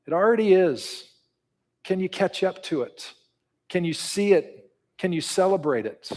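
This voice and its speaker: A man's voice: high-pitched, animated, a little slow, darkish tone. A man preaching a sermon and leading a prayer, earnest and building to call-and-response. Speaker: pastor. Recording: reverberant hall.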